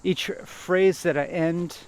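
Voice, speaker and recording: A man vlogging as he walks a nature trail, thinking aloud in a halting, hesitant way and repeating words. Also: high-pitched, fairly even intonation. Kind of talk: rambling self-reflective monologue while walking. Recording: faint outdoor noise.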